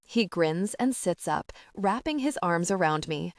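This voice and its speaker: A woman narrating a first-person romance audiobook in an intimate, unhurried way. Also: fairly low pitch, expressive, no room sound, clean studio sound.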